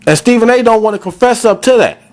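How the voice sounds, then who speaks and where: Male podcast host, higher-pitched voice; fired-up, blunt sports rant aimed at the listeners. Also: expressive, fast talker, darkish tone. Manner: fired-up, addresses fans directly; blunt, repetitive scolding.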